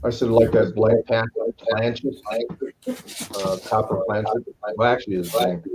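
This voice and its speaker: Mellow, low-voiced offhand man. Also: fairly even intonation, moderate pace, slight background noise. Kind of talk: casual chat.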